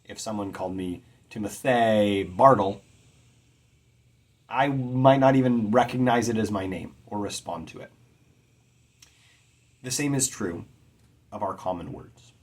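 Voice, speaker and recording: Earnest man lecturing on poetry, husky voice. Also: fairly low pitch, a little mellow. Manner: measured, earnest, stresses words carefully. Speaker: poetry teacher. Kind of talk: lecture on poetic meter.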